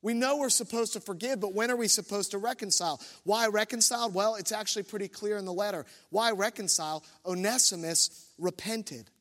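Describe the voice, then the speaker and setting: High-voiced male pastor in a reverberant hall. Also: brisk, hardly any pauses, a bit bright. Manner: self-deprecating storytelling, many restarts. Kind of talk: sermon with personal story.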